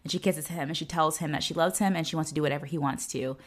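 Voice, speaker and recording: A woman co-hosting a podcast, recapping episodes in casual chat, animated and laughing often. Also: low voice, rapid-fire. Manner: animated, laughs often, acts out characters' lines. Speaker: podcast co-host.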